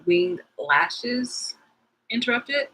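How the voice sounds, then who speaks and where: A woman's voice: a little high, animated, drawn-out words, a bit bright, husky, rough recording. A woman vlogger chatting casually to her viewers, rambling and frank, swearing freely.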